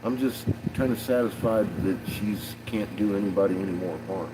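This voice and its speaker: A man's voice: on the low side, moderate pace, background noise. A man in his fifties talking candidly on a livestream, rambling and profane, often laughing and restarting his sentences. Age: 50s. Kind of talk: candid personal livestream talk.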